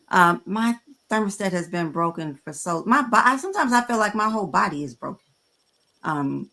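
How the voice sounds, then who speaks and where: A woman in her fifties hosting a panel, talking frankly and conversationally with frequent pauses to gather her words. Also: fairly low pitch, gravelly, bright, forceful tone. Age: 50s. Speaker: host.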